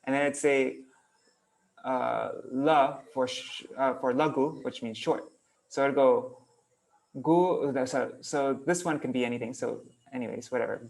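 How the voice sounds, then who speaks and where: A man leads an online lesson on verse meter in a relaxed, thinking-aloud way, working on screen as he goes. His voice has a gravelly edge, and every so often he chants syllable patterns out loud. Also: mid-range voice, a little slow. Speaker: kirtan teacher.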